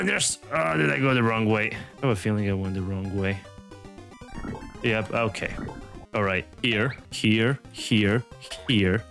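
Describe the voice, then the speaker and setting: Young man, gameplay commentary, swearing, animated pitch, faint background music. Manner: frustrated, swearing, yelling in high bursts. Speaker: gaming video host.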